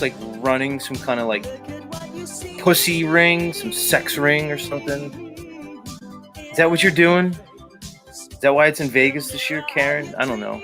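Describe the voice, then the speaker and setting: A man with a fairly high, slightly bright voice hosts a livestream. He chats crudely and jokingly, rambling while he greets viewers and reads what they write.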